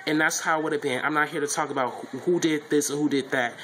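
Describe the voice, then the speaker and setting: A man's voice: fairly high pitch, fast, a little hiss or hum, low-quality recording. A man giving a casual, blunt vlog review of a reality show, repeating himself a lot as he talks. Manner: repetitive, animated, blunt opinions.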